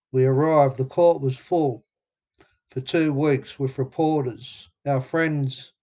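A man's voice: medium pitch, mellow. A man with an Australian accent narrating his own story in a plainspoken, casual way with some swearing. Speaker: memoir narrator. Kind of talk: audiobook narration.

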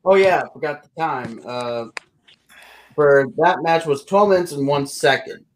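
A man's voice: a little high, unhurried, a little hiss or hum, rough recording. A man co-hosting a casual podcast, running through match results in a loose, filler-heavy way. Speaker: podcast co-host.

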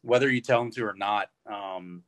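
A man's voice: lowish voice, normal speed. A man, a real estate agent, chatting casually and keenly agreeing. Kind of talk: casual chat.

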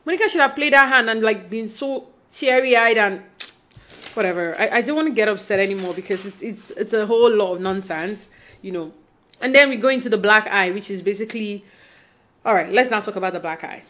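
A woman's voice: medium pitch, fairly quick. A woman casually recapping a reality show reunion, animatedly acting out what others said. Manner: animated retelling, acting out quotes. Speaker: reality TV commentator.

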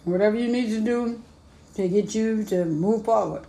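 A woman co-hosting a casual chat, supportive and light-hearted, quick to affirm her partner. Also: mid-range voice, mellow. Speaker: co-host. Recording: echoey room.

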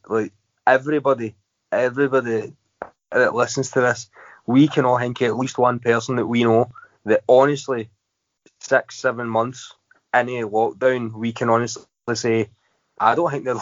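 A man's voice: mid-range voice, steady tone, measured pace, no room sound. A Scottish man hosting a casual podcast chat, teasing his guest and laughing often. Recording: dry, dull lo-fi audio.

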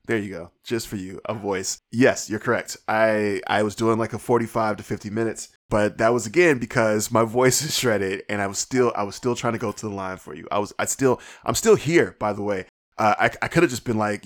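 A man with a somewhat low, hoarse voice that sounds worn out from too much talking. He hosts a solo podcast and rambles through profane, comic rants with mounting exasperation, mumbling his words now and then. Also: a little fast. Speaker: podcast host. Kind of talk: casual solo podcast rant.

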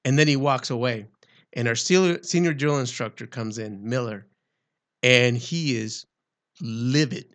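A man casually telling a lively, profane story with frequent laughter. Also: mid-range voice, measured pace. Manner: animated, swearing, laughs while telling stories. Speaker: former Marine recruit.

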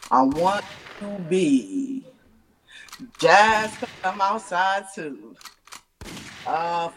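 A woman battle rapper chats as a podcast guest, confident and brash, with playful swagger. Her voice sits at a middle pitch and sounds a little distant from the mic. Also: slight background noise. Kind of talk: casual interview chat. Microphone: video call.

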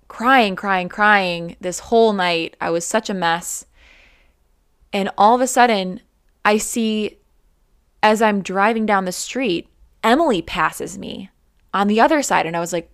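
A young woman tells a personal story in a loose, chatty way, leaning on "like" as she goes. She sounds animated, and her voice sits in an ordinary middle register. The recording is dry and close, with almost no room sound. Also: medium pitch, slow, smooth, dry recording. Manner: chatty, many "like" fillers, animated retelling.

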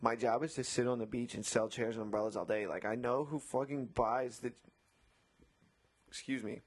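Man telling a story in casual, animated chat. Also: mid-range voice, normal speed, slightly rough. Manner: animated retelling, acting out both sides of arguments, frequent swearing. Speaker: beach umbrella and chair attendant.

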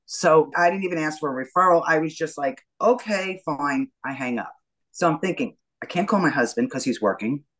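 On a rough recording, a low-pitched middle-aged woman talks briskly as an interview guest. She tells her story with animation, voicing the dialogue as she goes.

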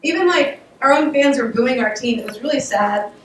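A woman giving a casual devotional talk, conversational and animated, with laughs and restarts, her voice getting worn. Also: high-pitched, moderate pace, a little hiss or hum. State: losing her voice. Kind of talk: casual sermon. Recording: echoey room, voice picked up from a distance.

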